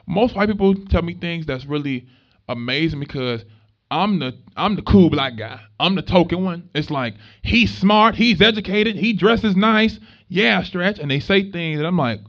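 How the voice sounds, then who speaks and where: A young male minister talks to an audience, lively and conversational, and slips into other people's voices as he tells stories. His voice sits a little high. The recording is dull and lo-fi, with the top end muffled. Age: young adult. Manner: animated storytelling, acts out voices in dialogue. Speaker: minister and activist speaker. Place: event space at a market.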